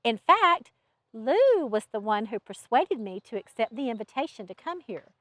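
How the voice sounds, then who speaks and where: A guarded young woman running an inn, heartbroken and curt, who fires off suspicious questions, as a woman reading aloud acts her out. Her voice is high and very lively in pitch. The sound is close and dry. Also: normal speed, no echo. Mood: wary.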